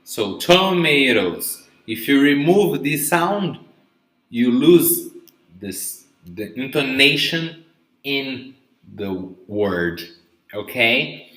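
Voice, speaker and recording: A man's voice: mid-range voice, expressive, very slow, fairly bright tone. A man teaching English vocabulary in a live online lesson, drilling pronunciation and checking in with "okay?" and "right?". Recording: roomy echo.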